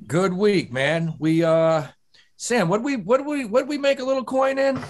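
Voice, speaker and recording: A man's voice: sits high, unhurried. Laid-back, slangy male co-host. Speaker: podcast co-host. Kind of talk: casual chat. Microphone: video call.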